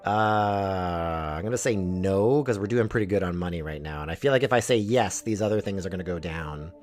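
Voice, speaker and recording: A man's voice: low voice, a little fast. A man streaming a game, reading its text aloud and commenting with playful laughter. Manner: animated, laughing often, playful. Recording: music playing behind the voice.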